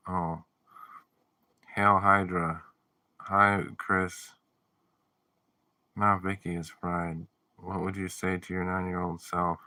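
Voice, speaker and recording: A man's voice: deep voice, little pitch movement, slow pace, pauses often, pushed and bright, no echo. A man chatting casually on a live stream, joking around and reading viewer messages aloud. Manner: playful, jokey, reads viewer messages aloud. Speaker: livestreamer reading chat.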